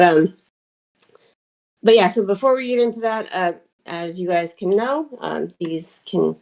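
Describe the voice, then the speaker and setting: A woman's voice: fairly low pitch, gravelly, a little mellow, low-quality recording. A woman producing a live talk stream, speaking hesitantly with many ums as she asks viewers for gifts. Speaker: show producer. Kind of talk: casual live-stream chat.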